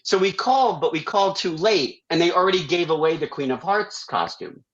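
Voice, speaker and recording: Acting out the voices of his relatives, a man appearing as a talk show guest relates a long family story in a relaxed, lively way. His voice is on the high side and fairly quick, and the audio is dull.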